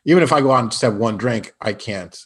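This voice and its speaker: A man from Illinois, an improv comedian, telling lively anecdotes as a podcast guest and acting out the people he quotes. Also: medium pitch, fast talker, husky. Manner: animated anecdotes with put-on quoted voices. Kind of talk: casual storytelling interview.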